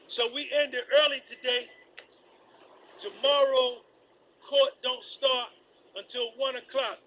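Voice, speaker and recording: High, bright-voiced man streaming live. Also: slow, muffled recording. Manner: animated, repetitive, sings snatches. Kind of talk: rambling casual commentary.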